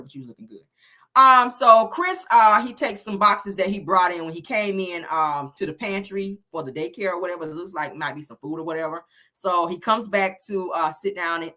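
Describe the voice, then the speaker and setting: A woman in her thirties, the host, recapping a reality show in sassy, animated casual chat and calling everyone honey and girl. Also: on the low side.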